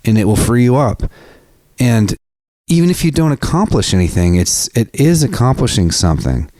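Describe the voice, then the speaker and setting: A man's voice: sits low, darkish tone, no room sound. A man hosting a solo podcast, talking casually and frankly, swearing freely and restarting his sentences often. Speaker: podcast host.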